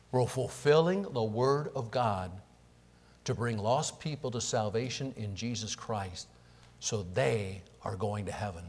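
A male pastor delivers a sermon with a middle-range voice, swelling into emphatic, repeated phrases before dropping low again. His voice carries a long hall reverb from the church sanctuary. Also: fairly bright tone. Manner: preaching with rising emphatic surges and repeated words.

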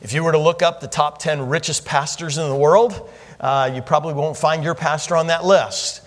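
A man with a slightly higher voice preaches a sermon, teaching in an easy conversational way and putting questions to his listeners. His voice rings out with a long reverb, as in a big hall. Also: steady tone, moderate pace. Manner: conversational teaching, quizzing the congregation.

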